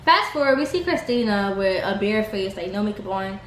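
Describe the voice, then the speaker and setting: A woman's voice: normal speed, few pauses. Young woman vlogger, casual reality-TV recap, chatty filler-heavy delivery, echoey room with faint hiss. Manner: chatty, heavy use of "like", mimics cast members in higher pitch. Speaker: reality TV reviewer.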